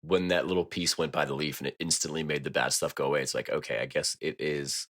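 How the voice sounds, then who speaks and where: A man's voice: very deep voice, fairly even intonation, fast, fairly bright tone. A man co-hosting a podcast in casual chat, laid-back and skeptical, often trailing off. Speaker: podcast co-host.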